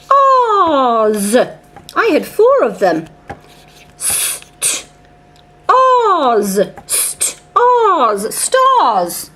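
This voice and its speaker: High, lively woman sounding out phonics. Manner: slow, sing-song sounding out of speech sounds; coaxing, talks to a puppet helper. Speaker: reading teacher. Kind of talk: phonics lesson for young children.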